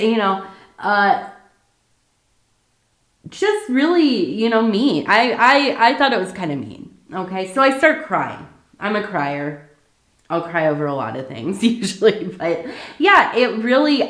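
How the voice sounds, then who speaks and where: A woman's voice: fairly low pitch, a bit bright, echoey room. A woman doing a casual ASMR tea leaf reading, talking in a chatty way with many fillers and asides.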